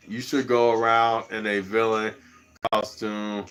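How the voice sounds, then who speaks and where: A man's voice: fairly low pitch, little pitch movement, unhurried, a bit bright, clean tone. A man livestreaming, chatting casually and rambling, chuckling often as he talks.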